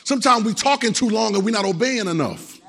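A man's voice: sits high, animated, fast talker, gravelly, a bit bright, breathy edge. A man preaching a Sunday sermon, emphatic and repetitive, calling out to the congregation. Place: church. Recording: long church hall reverb.

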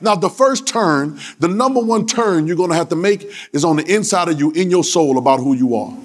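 A man preaching a sermon, joking and trading call-and-response lines with the congregation, at times shouting or half-singing his phrases. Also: fairly high pitch, expressive, a little fast. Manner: breaks into shouts and sung phrases.

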